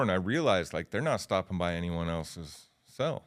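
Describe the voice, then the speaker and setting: A man's voice: low voice, very animated, moderate pace, hardly any pauses. A man in his fifties, a podcast guest, telling stories in a loose, slangy way with lots of fillers. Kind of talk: casual storytelling.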